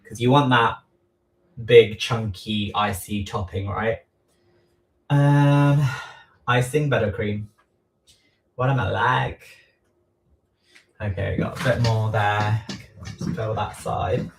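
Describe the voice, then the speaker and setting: A man's voice: lowish voice, fairly even intonation, gravelly. A man chatting casually on a livestream while he frosts a cake at home, rambling and poking fun at himself, with lots of ums. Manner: slow, rambling, self-deprecating, many ums. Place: home kitchen. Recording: echoey room, voice far from mic.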